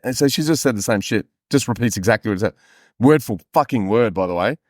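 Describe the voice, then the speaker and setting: A male podcast host reading aloud and joking crudely between passages. His voice moves a lot in pitch and is recorded close and dry. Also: fast talker, no echo. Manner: animated, joking, crude asides. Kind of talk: casual comedic chat and reading aloud.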